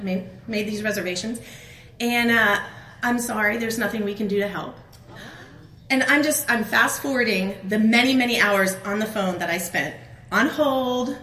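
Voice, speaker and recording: A middle-aged woman telling a personal story as a conference speaker at a faith event, animated and acting out her own outbursts. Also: fairly high pitch. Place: conference hall. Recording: echoey room with faint ambience.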